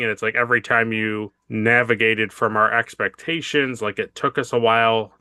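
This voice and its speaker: A man co-hosting a podcast, chatting casually as he recaps a TV episode and acts out the characters' lines in quick impressions. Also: on the low side, steady tone, pushed and bright, clear, resonant tone, dry recording, studio quality. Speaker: podcast co-host.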